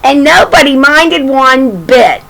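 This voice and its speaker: A woman's voice: sits high, lively intonation, slow pace, vocal fry, a bit bright, low-quality recording. An older woman reading a picture book aloud to children, chatting affectionately and pointing out the pictures. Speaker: story reader.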